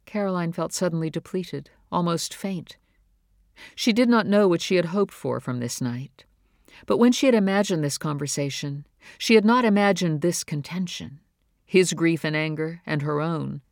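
Reading scripted narration from a novel, this audiobook narrator keeps a measured, even storytelling style. The pitch is medium and the studio recording is clean, without echo.

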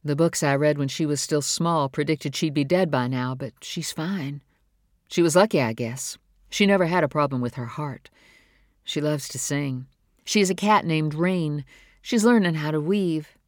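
A narrator voicing a grown woman, a guarded and defensive mother who speaks earnestly with quiet strain. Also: mid-range voice, normal speed, no room sound, studio quality, lightly acted.

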